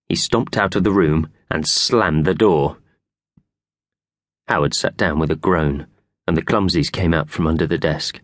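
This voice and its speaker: A man narrating a children's audiobook with brisk, expressive storytelling. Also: rumbling low, no room sound, studio quality.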